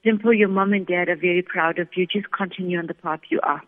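Steady-toned psychic medium woman, phone-like. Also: on the low side, fast talker. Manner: calm, steady, relays messages in first person. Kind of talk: radio psychic reading. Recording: phone-like sound with long reverb.

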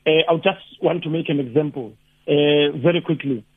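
A South African man, a lecturer and activist, talking haltingly with many restarts as a radio guest. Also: fairly high pitch. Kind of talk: radio phone-in discussion. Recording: tinny phone line.

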